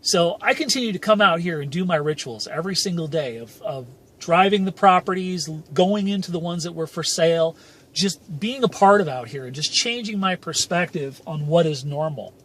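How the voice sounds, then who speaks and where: A man hosting a motivational channel, telling a personal story emphatically while touring a neighborhood outdoors on a handheld camera, with rambling "and, uh" pauses. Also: on the high side, expressive, a bit bright. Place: outdoors, moving through a residential neighborhood. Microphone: handheld camera filming as he goes.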